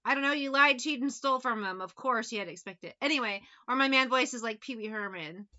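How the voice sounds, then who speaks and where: A woman's voice: on the high side, fast talker, sharp tone, lo-fi sound. A woman giving a casual tarot reading, talking bluntly with plenty of swearing and sarcastic asides. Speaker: tarot reader.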